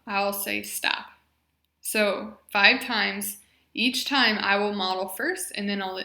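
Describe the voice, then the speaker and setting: A woman with a medium-pitched, sharp voice leads a guided voice exercise class in an echoey room. As a speech therapy exercise leader, she gives encouraging, slow, clearly paced step-by-step instructions and models sounds for her group to copy.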